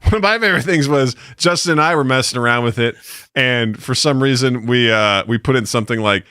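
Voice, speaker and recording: A man co-hosting a podcast, telling stories in a casual, laughing, animated way. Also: mid-range voice, fairly quick, clean tone, no room sound, studio quality. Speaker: podcast co-host. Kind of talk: casual chat.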